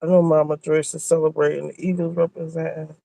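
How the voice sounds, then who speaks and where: Guy streaming from his car, gravelly voice, dry close sound, mumbling to himself. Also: fairly high pitch, level tone, fairly quick, mellow, no room sound, poor audio. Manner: mutters to himself, grumbling at the car. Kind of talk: casual chat while driving. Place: inside a car.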